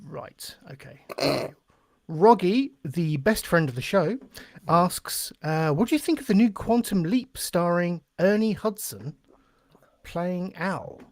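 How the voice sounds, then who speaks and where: A man reads out listener questions on a podcast with easygoing, wry humour. His voice is fairly high for a man. The recording is close and dry, with no room sound. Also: expressive, dry recording. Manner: easygoing and wry, quick asides. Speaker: podcast co-host. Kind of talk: casual chat, reading listener questions.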